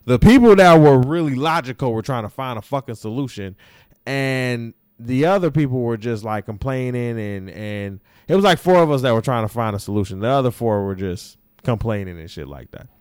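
A young adult man hosting a podcast, telling a story in a casual, animated and profane way and acting out his own quotes. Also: mid-range voice, brisk, smooth, no echo, clean studio sound. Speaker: podcast host.

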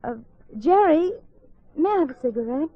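An actress playing a young woman who is secretly investigating a suspected murderer, speaking in a breathy, hesitant, stammering way, in 1940s radio drama style. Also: sits high, lively intonation, moderate pace. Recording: tinny 1940s radio broadcast with music.

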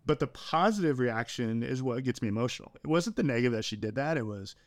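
A man's voice: medium pitch, expressive, quick pace, dry recording. A middle-aged man speaking as a podcast guest, earnest and emotional, often saying "man" and "dude". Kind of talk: candid podcast conversation.

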